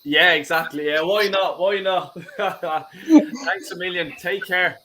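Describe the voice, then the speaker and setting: Chatty host, high voice. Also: male voice, animated, takes it slowly, crowd noise. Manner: chatty, thanking guests, rowdy banter. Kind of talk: live fan show hosting.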